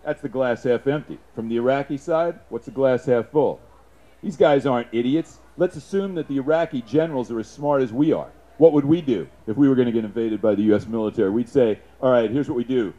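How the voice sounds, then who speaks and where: A man's voice: medium pitch, fairly quick. Fiery, profane male speaker, dull recording. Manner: fiery, profane, with shouted sound effects. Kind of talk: impassioned public speech.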